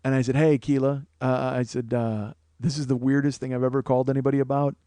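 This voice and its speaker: A man spins a profane comic story on his podcast, laughing at his own jokes as he goes. His voice sits at an ordinary middle pitch. The sound is close and dry, right on a studio microphone. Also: flat delivery, fast talker, mellow, dry recording. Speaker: podcast host. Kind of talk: comedic storytelling monologue. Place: small studio, co-host close by.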